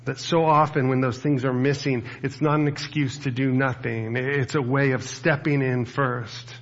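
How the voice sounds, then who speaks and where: A man's voice: medium pitch, steady tone, normal speed, lo-fi sound. A man preaching a casual sermon as a pastor, talking to the room with rhetorical asides. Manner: conversational, with rhetorical asides to the audience.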